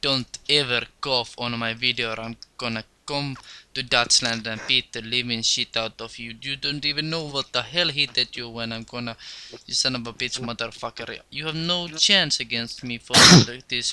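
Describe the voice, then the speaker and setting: Bright-voiced young man gaming. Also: mid-range voice, moderate pace, slight background noise. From Finland. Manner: excitable, crude trash talk. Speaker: gaming video host. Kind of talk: casual gameplay commentary.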